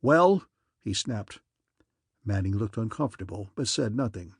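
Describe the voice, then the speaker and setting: A man reading a science fiction audiobook in an even, measured narration. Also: lowish voice, breathy edge, no room sound, studio quality.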